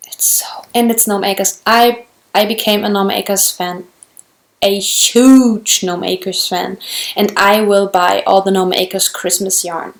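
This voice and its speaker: German lady talking slow on her knitting vlog, mid voice, lots of restarts, super excited about yarn. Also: mid-range voice. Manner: chatty, restarts often, gushing over yarn. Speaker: knitting vlogger. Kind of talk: casual show-and-tell.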